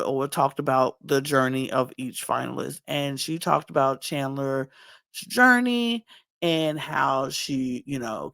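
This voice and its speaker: A woman co-hosting a casual podcast that recaps reality TV, talking in an animated way and firing off incredulous rhetorical questions. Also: sits low, creaky. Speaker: podcast co-host.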